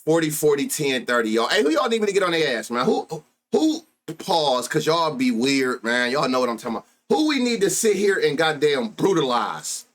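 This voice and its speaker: A man in his thirties hosts a betting stream, bantering casually and profanely with an African American Vernacular English accent. He's loose, crude, and quick to laugh, speaking brisk and sing-song on the high side with few pauses.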